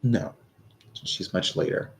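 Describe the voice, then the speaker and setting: A man in his thirties giving live-stream tarot readings, rambling and hesitant with many fillers. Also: takes it slowly. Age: 30s. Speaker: tarot reader.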